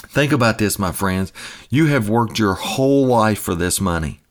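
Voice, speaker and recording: Male financial advisor host, lowish voice, folksy and emphatic, salesman-style talk. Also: animated, moderate pace. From United States. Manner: folksy, emphatic, repetitive preaching delivery. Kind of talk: promotional radio-style talk.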